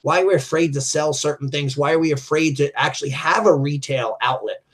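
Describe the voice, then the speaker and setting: A middle-aged man who runs a martial arts school, telling business stories in a lively way and acting out the dialogue. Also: fairly high pitch, fairly quick, breathy edge. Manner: animated, acts out quoted dialogue. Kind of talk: storytelling in a business chat.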